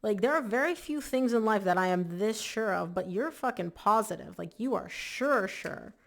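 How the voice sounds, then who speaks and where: A woman's voice: mid-range voice, expressive, normal speed, vocal fry, fairly bright tone. A woman giving a casual, chatty tarot reading to camera, emphatic and full of "like" fillers. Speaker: tarot reader.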